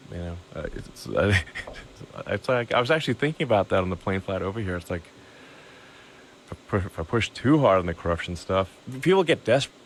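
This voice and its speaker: A man talking as a podcast guest in a casual interview, halting and full of restarts and fillers. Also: sits low, expressive, a little hiss or hum. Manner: halting, repeats words, many fillers.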